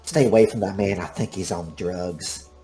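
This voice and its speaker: Hushed, disapproving woman passenger, played by a man, murmured asides. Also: sits low, normal speed, soft background music, natural voice. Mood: wary.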